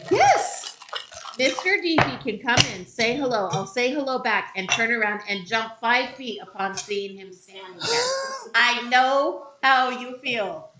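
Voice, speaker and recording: Chatty woman, lively voice. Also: on the high side, unhurried, echoey room, background noise. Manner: chatty, teasing. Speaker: podcast co-host. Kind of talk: casual chat while cooking. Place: home kitchen.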